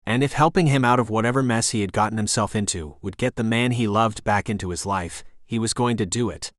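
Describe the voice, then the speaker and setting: Casting: male audiobook narrator, steady delivery, lowish voice, dry close sound. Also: a little fast, dry recording. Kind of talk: scripted narration.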